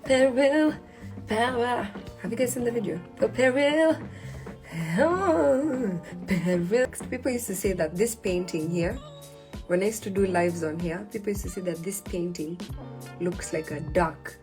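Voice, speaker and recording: A woman's voice: lowish voice, moderate pace, over music. A young woman from Kenya and Sudan chatting casually to viewers and reading out comments. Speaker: vlogger and podcast host.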